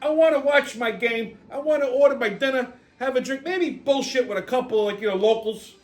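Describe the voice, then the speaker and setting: A man's voice: extremely high pitch, a little fast. A middle-aged man hosting his own channel, delivering an exasperated, profanity-filled rant that stumbles over repeated restarts and stammers. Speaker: channel host. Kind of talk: profane ranting monologue.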